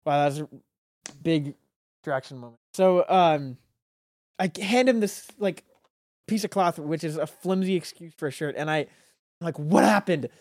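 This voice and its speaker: A man's voice: on the high side, normal speed, long pauses, darkish tone, no echo, clean studio sound. A young man telling a rambling story in casual chat, laughing often and restarting his sentences. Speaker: guest.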